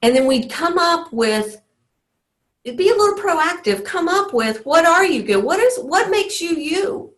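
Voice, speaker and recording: A woman's voice: extremely high pitch, sing-song, unhurried. A woman teaching a motivational teleclass as a life coach, in an earnest, encouraging way. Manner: earnest, encouraging, often acts out inner self-talk.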